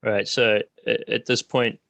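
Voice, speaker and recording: Hesitant gravelly-voiced player. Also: male voice, fairly low pitch, flat delivery, measured pace, fairly bright tone, no room sound. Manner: hesitant, many fillers, explaining plans. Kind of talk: casual tabletop game play.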